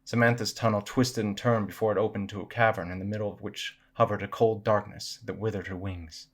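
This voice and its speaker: Low-voiced man reading spooky tales. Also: steady tone, a little fast. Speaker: storyteller. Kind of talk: reading horror stories aloud.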